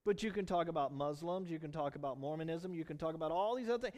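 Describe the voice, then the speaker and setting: A middle-aged man preaching a sermon in a church, in a conversational, animated storytelling manner. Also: high-pitched, a little fast, hardly any pauses, big-room sound. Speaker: pastor.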